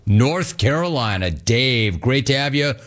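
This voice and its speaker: A man's voice: medium pitch, animated, measured pace, a bit bright. A man hosting a sports call-in show, riffing energetically and talking in slangy, casual terms. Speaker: radio talk host. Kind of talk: sports talk radio.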